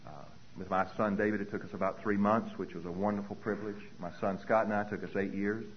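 A man's voice: lowish voice, little pitch movement, fast, lo-fi sound, a little hiss or hum. Earnest middle-aged man sharing his recovery. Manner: earnest storyteller, repeats key phrases. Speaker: recovery meeting speaker. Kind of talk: personal recovery talk.

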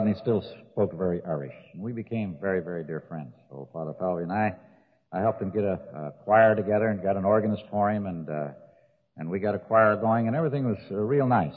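An older man telling jokes and his drinking story in a folksy way, laughing at his own stories. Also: on the low side. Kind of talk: recovery talk with jokes. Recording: tinny old recording with long hall reverb.

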